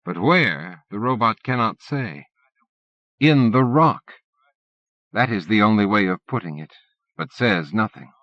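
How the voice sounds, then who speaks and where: A man reading an audiobook in a steady, measured narration. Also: lowish voice, no room sound. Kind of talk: scripted narration. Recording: dull dry cassette-era audiobook recording.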